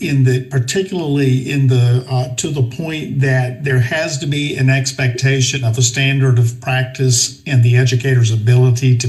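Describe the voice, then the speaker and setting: Measured man chairing a formal meeting. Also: mid-range voice, darkish tone, rough recording. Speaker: commission chair.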